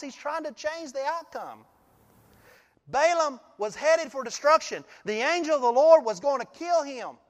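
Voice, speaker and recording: A male pastor giving a sermon, telling the story in an animated way and often laughing. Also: very high voice, big-room sound.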